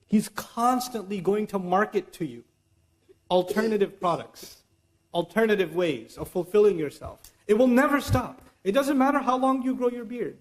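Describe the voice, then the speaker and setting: A man giving a religious lecture in an animated, conversational way, now and then reciting Arabic verses. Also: sits high, moderate pace. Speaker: Islamic lecturer.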